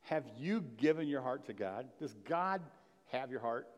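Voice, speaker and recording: A man's voice: medium pitch, animated, unhurried. A man preaching a Christmas Eve sermon, talking casually and reading scripture aloud with rising emphasis, asking the congregation questions. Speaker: pastor. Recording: long reverb of a large hall.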